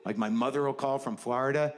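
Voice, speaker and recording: A man's voice: medium pitch, fairly even intonation, fast, background noise. A man performing a stand-up routine on stage, rambling with sardonic asides and a ranting delivery. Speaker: stand-up comedian. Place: comedy stage before a live audience. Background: faint audience laughter and ambience.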